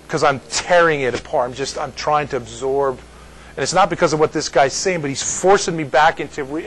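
A man's voice: fairly high pitch, fairly bright tone, slight background noise, rough recording. A man as pastor giving conversational Bible teaching, rambling and folksy, often asking "you see?".

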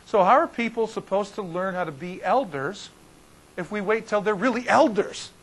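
A man teaching as a pastor in an informal Bible study, talking in a folksy, animated way and often restarting his sentences. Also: sits high, moderate pace, breathy edge, rough recording.

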